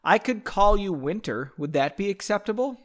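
Man reading polite awkward young woman, lively voice. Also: sits high, moderate pace, pitched above the performer's own voice.

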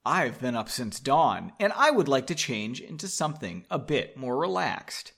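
A man voicing a composed young woman who speaks calmly and firmly. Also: mid-range voice, gravelly, slightly rough, full character voice. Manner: calm, measured.

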